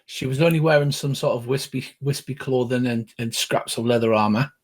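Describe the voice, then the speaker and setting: An older man acting as game master, narrating a tabletop game with a relaxed, wry manner and small hesitations. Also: mid-range voice, fairly quick, husky.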